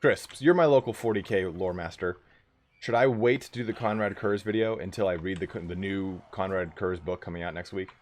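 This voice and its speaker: A man streaming a strategy game live, chatting casually with viewers, swearing freely and breaking into excited outbursts. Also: low-pitched, moderate pace, faint music behind. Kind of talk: casual live gameplay commentary.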